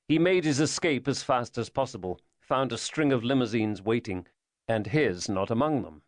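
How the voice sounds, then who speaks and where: A man narrating a thriller audiobook in a measured storytelling manner. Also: mid-range voice, no echo. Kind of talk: scripted narration.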